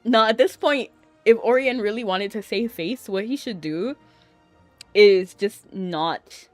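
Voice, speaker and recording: A woman streaming a game, chatting excitably and laughing often as she reacts to it. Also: mid-range voice, takes it slowly, no echo, faint music behind. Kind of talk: casual gameplay commentary.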